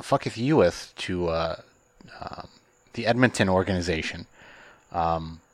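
A man's voice: low-pitched, dry recording. A man co-hosting a casual sports podcast, rambling with many ums and uhs. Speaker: podcast co-host.

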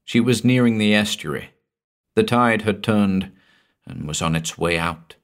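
Deep-voiced man narrating a horror tale. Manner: measured, dramatic, drops to a hush at phrase ends. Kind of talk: scripted horror story narration.

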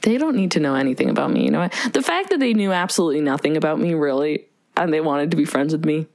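A woman's voice: low voice, fast talker, vocal fry, no echo. A young woman co-hosting a podcast, chatting casually and giggling often. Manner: giggly, lively, talks over her friend. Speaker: podcast co-host. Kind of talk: casual chat.

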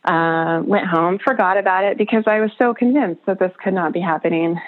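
Interview guest, woman, birth photographer: emotional and halting, with frequent laughs, on a tinny phone-like line. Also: on the low side. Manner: emotional, laughs often between halting phrases. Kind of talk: personal storytelling in a podcast interview.

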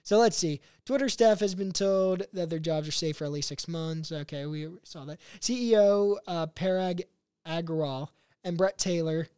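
A man's voice: high voice, moderate pace, warm tone, clean tone, dry recording, studio quality. A young man hosting a podcast, reading news items aloud and riffing on them in a blunt, profane, rambling way, with mocking imitations of other people. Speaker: podcast host. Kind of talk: casual commentary reading news.

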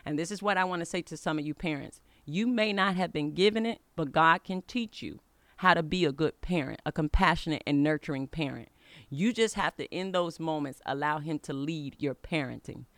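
A woman's voice: sits low, a little fast, a bit bright, no room sound. A middle-aged woman hosting a faith-based podcast, telling a personal story in an earnest, conversational way and urging listeners on. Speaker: podcast host.

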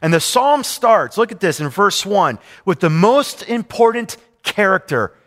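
A man's voice: high-pitched, very animated, unhurried, fairly bright tone. A middle-aged male pastor preaching a sermon with emphatic, repetitive phrasing. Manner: emphatic, repetitive preaching with rising and falling intensity. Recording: long hall reverb.

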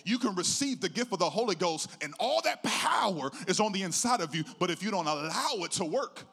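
A middle-aged pastor preaches a sermon about his own story, his sing-song cadence swelling from hushed to loud. His voice is high-pitched and brisk, with vocal fry and a breathy edge.

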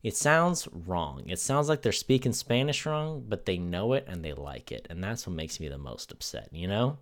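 A man with a low voice that swings widely up and down as he talks. He co-hosts a loose comedy chat and pushes mock-outraged opinions with big, theatrical emphasis. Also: very animated, moderate pace. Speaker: podcast co-host.

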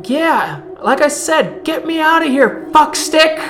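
A storyteller voicing a furious, foul-mouthed young woman held captive, who yells insults, over background music. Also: high-pitched, very animated, slow pace, pitched above the performer's own voice, full character voice. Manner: shouting, insulting.

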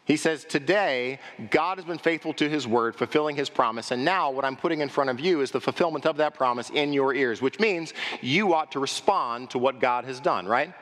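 A man preaching a lively sermon in a church, asking the congregation questions and acting out the voices of the crowd. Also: mid-range voice, brisk, few pauses. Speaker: pastor. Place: church sanctuary. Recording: long hall reverb.

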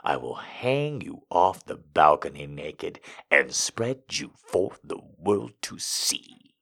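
A man voicing a cold, domineering man who speaks in a low, hushed murmur in an audio story. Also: very animated, slow pace, gravelly, husky, exaggerated voice. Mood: cold command. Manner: stern and commanding.

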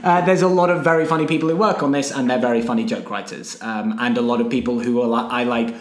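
A man's voice: mid-range voice, steady tone, fast talker, echoey room, crowd noise. A man co-hosting a podcast in casual chat, rambling and wry, often stopping to restart his thoughts. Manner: rambling, self-interrupting, wry. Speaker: podcast co-host.

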